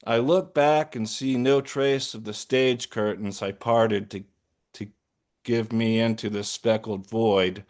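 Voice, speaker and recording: A man reads his fiction aloud in a deep, low voice. He moves very slowly and deliberately through the sentences, and his storytelling stays measured throughout. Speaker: author reading his own story. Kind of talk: literary reading.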